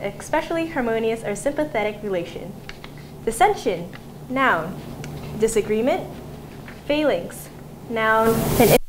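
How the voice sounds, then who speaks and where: A teenage girl giving a student presentation to her classmates, taking them through words and asking them to repeat after her. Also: fairly high pitch. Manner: instructive, leads repeat-after-me drills. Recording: echoey classroom with noise.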